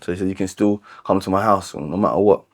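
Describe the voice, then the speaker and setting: A man with a London accent and a low, deep voice recounts his life story. His telling is candid and unpolished, full of restarts, repeated words and casual "like"s. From London, England. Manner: halting, repeats words and restarts, many filler "like"s.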